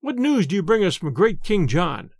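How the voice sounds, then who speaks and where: A man's voice: sits high, big pitch swings, normal speed, vocal fry, darkish tone, no room sound, studio quality, exaggerated voice. A man voicing a plainspoken, cheerful shepherd who speaks with confidence. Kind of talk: storybook character voice.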